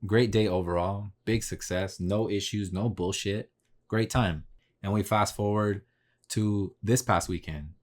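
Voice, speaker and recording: A man's voice: on the low side, fairly even intonation, unhurried. A man hosting a podcast, telling a story in a casual, slangy, profane way and replaying his own conversations. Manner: laid-back, slangy and profane, retelling conversations. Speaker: podcast host.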